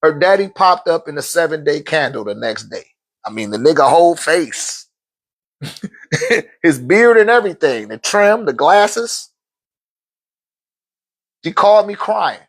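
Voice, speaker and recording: A man, teaching in a casual, animated storytelling way. His voice sits high and swings widely in pitch, and he acts out the people he quotes and laughs often. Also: a little slow, long pauses. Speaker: spiritual teacher.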